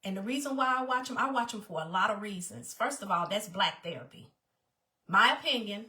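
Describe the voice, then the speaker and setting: Emphatic woman with a bright voice. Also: mid-range voice, animated, brisk. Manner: emphatic, repeats phrases, conversational. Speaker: vlogger. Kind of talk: personal talk to camera.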